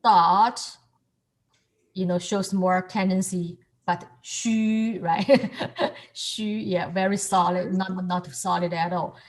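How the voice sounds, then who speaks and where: A woman's voice: fairly low pitch, steady tone, takes it slowly. A woman teaching a student over a video call, explaining patiently and encouraging the student as she repeats each word. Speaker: calligraphy and Chinese teacher. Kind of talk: online lesson explaining to a student.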